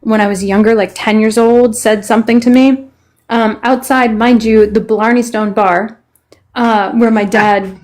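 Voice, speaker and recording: A woman's voice: on the high side, a little slow, poor audio. A woman hosting a livestream chat, telling stories animatedly and swearing freely. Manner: profane, animated storyteller. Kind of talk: casual heated chat.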